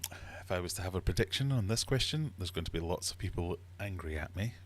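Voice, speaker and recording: Low-voiced teasing quizmaster man. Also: animated, fairly quick. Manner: playful, teasing, mock-uppity. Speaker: livestream host and quizmaster. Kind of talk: live-streamed quiz chat. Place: fish room.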